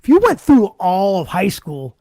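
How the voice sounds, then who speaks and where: A man, loudly telling stories on a casual podcast and acting out the dialogue. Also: high-pitched, wildly swooping pitch, normal speed, dry recording. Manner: loud storyteller, acts out dialogue, swears often. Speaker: podcast host.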